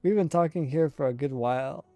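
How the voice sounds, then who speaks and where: A man's voice: fairly high pitch, brisk, dark tone, no room sound, soft background music. A young man streaming a game, reading its dialogue aloud and dropping wry, offhand asides.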